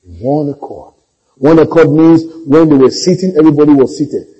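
A man's voice: fairly high pitch, fairly quick, breathy edge, muffled recording. A male pastor preaching a sermon, telling stories and calling for amens. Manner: storytelling, animated, calls for amens.

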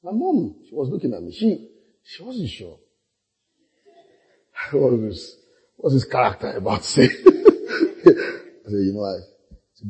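A man's voice: mid-range voice, very animated, measured pace, long pauses, mellow, breathy edge. A middle-aged man, preaching a sermon through humorous personal stories, laughing often and acting out the voices of people in them. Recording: long echo of a large hall.

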